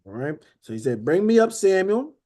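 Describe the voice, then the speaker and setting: This Bible study teacher has a high voice and talks at normal speed, preaching conversationally. Animated throughout, he acts out characters and repeats "beloved" and "okay?" frequently.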